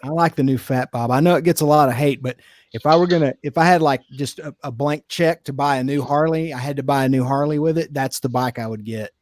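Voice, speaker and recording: A man's voice: medium pitch, a little fast, a little mellow, no echo. A man in casual chat, talking in an easygoing, enthusiastic way.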